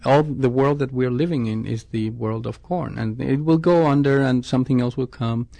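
A man's voice: medium pitch, normal speed, creaky, mellow, no room sound. A man, a scientist, answering interview questions thoughtfully, often restarting his sentences. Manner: thoughtful, with frequent restarts and self-corrections.

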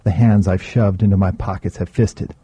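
A man's voice: low-pitched, steady tone, moderate pace, dark tone, slightly rough, no room sound, dull audio. A man narrating a story in the first person, earnest in delivery. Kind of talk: audiobook narration.

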